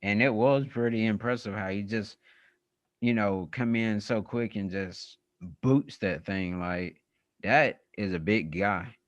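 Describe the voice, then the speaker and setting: Male podcast host, unhurried rambling recap, dull dry recording. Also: on the low side, no echo. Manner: slow, rambling recap with many fillers. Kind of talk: casual show recap chat.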